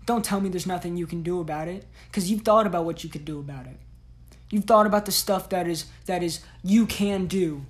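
A woman with a fairly low voice delivers a solo podcast monologue. Her talk is blunt, heavy with slang and swearing, and pushes tough love at the listener. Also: brisk. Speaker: podcast host.

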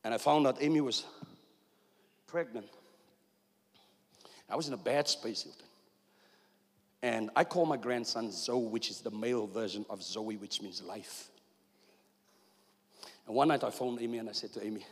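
A man's voice: medium pitch, normal speed, long pauses, breathy edge. A man in his fifties preaching a sermon in a church with impassioned delivery, voicing God's words in quotes. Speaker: pastor. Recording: long reverb of a church hall.

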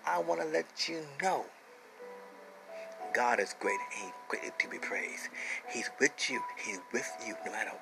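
A man preaching a sermon, emphatic, repeating phrases and dropping into hushed whispers. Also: medium pitch, lively intonation, unhurried, vocal fry, over music, poor audio.

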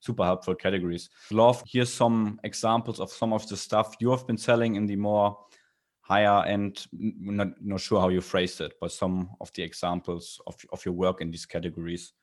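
Low-voiced casual podcast host, man. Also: little pitch movement, moderate pace. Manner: casual, uses many fillers and restarts. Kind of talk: casual interview chat.

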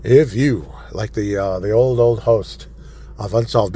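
A man's voice: fairly low pitch, measured pace, dark tone, a little hiss or hum. A man hosting a solo talk show, reading news items aloud and ranting sarcastically, laughing at his own jokes. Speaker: podcast host. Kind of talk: opinionated solo commentary.

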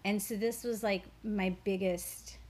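A woman's voice: medium pitch, fairly even intonation, measured pace, a little mellow. A woman guest in an interview, a spiritual teacher, talking earnestly and reflectively about her faith and a childhood memory, with fillers and repeated words. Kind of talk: personal storytelling in an interview.

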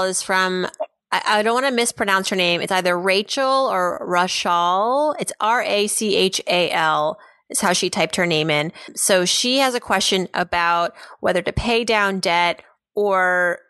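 A woman hosts a money podcast in a relaxed, conversational way. She works through her advice out loud, doubling back and restarting as she goes. Her voice sits at an average pitch, and the sound is close and dry with no room. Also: moderate pace, clean tone, dry recording. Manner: thinks aloud with restarts. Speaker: podcast host. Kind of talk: casual personal finance advice.

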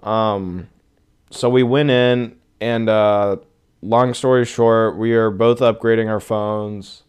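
A man's voice: fairly low pitch, fairly even intonation, slow, a little mellow, smooth. A young man hosting a casual solo podcast, ranting in an exasperated, profane way. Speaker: podcast host.

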